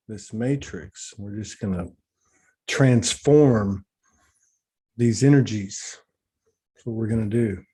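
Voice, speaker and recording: A man's voice: on the low side, takes it slowly, pauses often, dark tone, breathy edge. A man hosting an online spiritual talk livestream, speaking casually and emotionally, rambling with restarts as he greets a guest on a video call.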